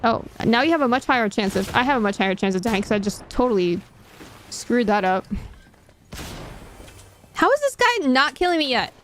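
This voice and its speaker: A woman's voice: on the high side, sing-song, moderate pace, long pauses, a bit bright, slight background noise. A woman streamer chatting casually while she plays a game, thinking aloud and mocking herself. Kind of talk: casual gaming stream chat.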